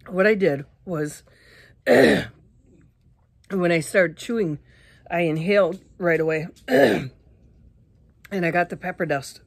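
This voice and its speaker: A woman vlogging casually to her viewers, out of breath and clearing her throat often, talking in halting restarts. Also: lowish voice, dry recording. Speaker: YouTuber eating spicy candy. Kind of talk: casual vlog talk to camera.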